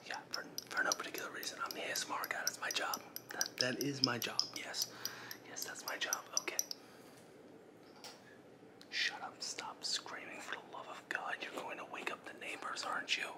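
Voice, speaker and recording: A man's voice: medium pitch, lively intonation, moderate pace. Man, whispered role-play, nervous, stammering, frantic hissing, mostly whispering. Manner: frantic, nervous whispering that breaks into loud hissed commands; flustered, stammering, repeats himself. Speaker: ASMR creator.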